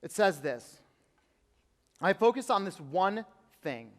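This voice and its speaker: A young man with a high, bright voice preaching to a youth crowd in a large church auditorium. He tells stories with lively energy and slips into the voices of the people in them. Long reverb from the big hall trails after every phrase. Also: slow. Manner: animated storytelling, acting out quotes. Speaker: youth pastor. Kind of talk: youth sermon.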